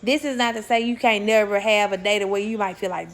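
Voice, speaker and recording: A woman's voice: medium pitch, steady tone, brisk. A young woman talking casually to her viewers about spirituality, blunt and swearing freely, often repeating words for emphasis and laughing as she talks. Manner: laughs while talking, self-correcting. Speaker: spiritual vlogger. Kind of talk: casual spiritual talk to camera.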